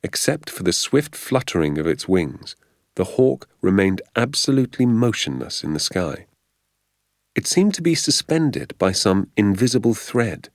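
Deep-voiced man reading a storybook. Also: no room sound, studio quality. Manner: measured, even reading with voiced dialogue. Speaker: narrator.

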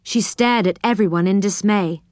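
A woman reading a children's story aloud in an expressive, animated way. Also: medium pitch, moderate pace, no room sound, clean studio sound.

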